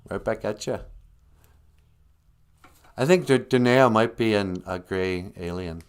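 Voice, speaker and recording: A man's voice: fairly low pitch, slow, long pauses, smooth. A man hosting a casual language livestream, chatting in a rambling, joking way.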